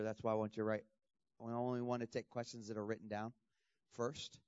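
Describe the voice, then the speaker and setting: A man preaching a lively sermon to students, with laughs and sudden shouting bursts. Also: medium pitch, dry recording, muffled recording. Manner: animated, laughing, bursts into loud shouts when imitating. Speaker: pastor.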